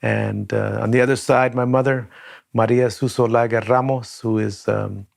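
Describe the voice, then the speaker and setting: An older man from Southern California telling a reflective personal story as a conference speaker, with many pauses and restarts. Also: mid-range voice, steady tone, gravelly, a little mellow.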